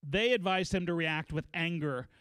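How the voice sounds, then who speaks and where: A male pastor delivers a church sermon with an animated storytelling manner. His voice sits high for a man. The sound is dry and close, with no room echo. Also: normal speed, smooth. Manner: animated storytelling, acts out quotes.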